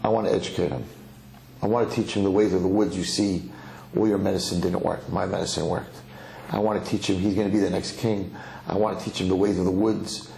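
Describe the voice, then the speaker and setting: Man doing an old medicine man: deep, firm, measured; roomy hall sound. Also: steady tone, creaky, dark tone, a little hiss or hum. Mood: insistent.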